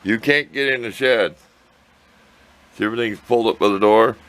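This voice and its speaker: A man's voice: fairly low pitch, normal speed, fairly bright tone, clean tone. An older man vlogging outdoors by his shop, talking to the camera in a folksy, rambling way, sometimes answering himself. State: out of breath. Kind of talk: casual outdoor chat to camera.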